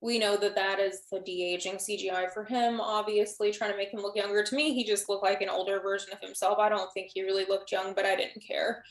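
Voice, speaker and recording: A woman chatting as a guest on a live stream, rambling through her thoughts and restarting sentences as she goes. Her voice sits in a middle pitch, and the room around her rings with a noticeable echo. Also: level tone, fairly quick, hardly any pauses. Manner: rambling, thinks aloud with many restarts. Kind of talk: casual chat on a live stream.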